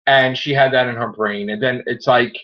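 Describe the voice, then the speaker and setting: A man hosting a casual review podcast, rambling through an animated retelling of a plot. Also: medium pitch, moderate pace, muffled recording. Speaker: podcast host.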